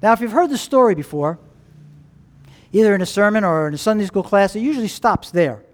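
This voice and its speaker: A man's voice: high voice, a little fast. A man preaching a sermon, telling a story animatedly and asking the congregation questions. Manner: animated storytelling, acting out characters' lines. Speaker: pastor.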